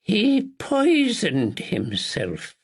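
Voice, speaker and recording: A man's voice: high-pitched, big pitch swings, unhurried, pitched above the performer's own voice, heavily acted. A man voicing an imperious elderly aristocratic woman who speaks in a commanding, formal, clipped way.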